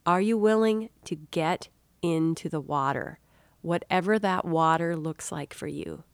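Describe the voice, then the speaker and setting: A woman's voice: fairly low pitch, a little slow, clean tone, dry recording. A middle-aged woman hosting an inspirational talk show, telling a personal story in a chatty, encouraging way and speaking to the listener as a dear soul. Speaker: podcast host and author.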